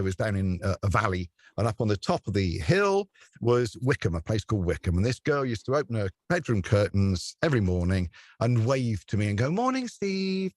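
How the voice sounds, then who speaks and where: A radio presenter with a lowish voice and no echo chats through an interview, telling stories and laughing a lot. He's a talkative storyteller who often acts out voices, and the conversation is relaxed and anecdotal.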